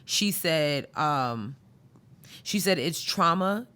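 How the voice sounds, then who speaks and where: A woman's voice: low voice, lively intonation, takes it slowly, pushed and bright, clean tone. A woman co-hosting a podcast in casual chat, talking in a reflective, conversational way and pressing hard on key points. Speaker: podcast co-host.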